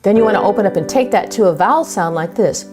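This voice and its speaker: Woman vocal coach, animated pitch, measured teaching delivery, faint piano behind. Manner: clear, measured explanations with sung exercise demonstrations. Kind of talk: instructional voice lesson.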